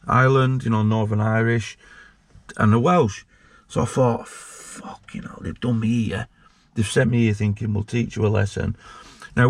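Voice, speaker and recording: A blunt, sweary man tells a story in a casual interview. He acts out every line of dialogue in it, at a mid pitch. The recording is dry and close. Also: no room sound. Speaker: interview guest, former prisoner.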